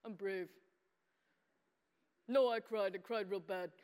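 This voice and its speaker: Close to an everyday voice, this one is medium-pitched, steady, slow, smooth and a little mellow. An adult voices a simple, earnest boy puppet in a children's sermon, with broken childlike grammar and the puppet calling himself by name, in an earnest, childish mood. The church hall leaves a long reverb on it.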